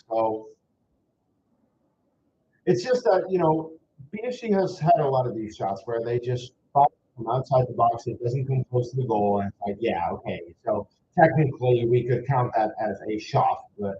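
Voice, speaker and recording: Young Dutch man, American-accented English, mellow voice, chatty reaction streamer, echoey room. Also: medium pitch, moderate pace. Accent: American-influenced English. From Netherlands. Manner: chatty, exasperated, rambling asides. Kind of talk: live reaction commentary. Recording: slightly dull echoey room with faint noise.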